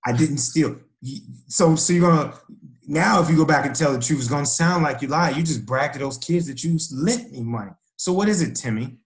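Scheming male teacher, evasive and smooth, in an improvised skit played by a man. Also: fairly high pitch, brisk, close to an everyday voice.

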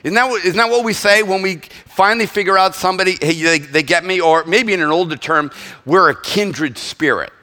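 A man preaches to a congregation in a lively, animated manner, jumping between jokes and earnest points. His voice sits a little high and bright. The sound carries the long reverb of a large church hall. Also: a little fast. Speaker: pastor. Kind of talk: sermon.

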